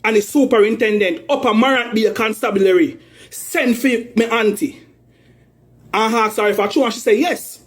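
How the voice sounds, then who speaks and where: A man's voice: sits high, moderate pace. A Jamaican man speaking in patois, airing an aggrieved, accusing rant about a family dispute. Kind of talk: heated spoken rant in patois.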